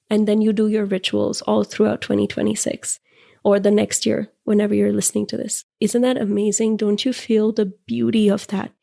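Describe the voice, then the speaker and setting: Gravelly, mellow woman podcast host. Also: mid-range voice. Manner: earnest, gushing, emotional. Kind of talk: guided ritual talk.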